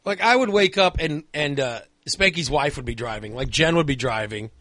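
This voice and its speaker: A man's voice: on the high side, lively intonation, normal speed, pushed and bright, dry recording, studio quality. A man chatting casually, telling a long rambling story full of fillers and restarts. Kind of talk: casual chat.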